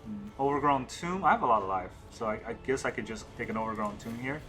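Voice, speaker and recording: Bright-voiced man thinking aloud. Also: medium pitch, lively intonation, fast talker, faint music behind. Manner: muttering, counting cards, questioning himself. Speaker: gameplay streamer. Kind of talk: thinking aloud while playing a card game.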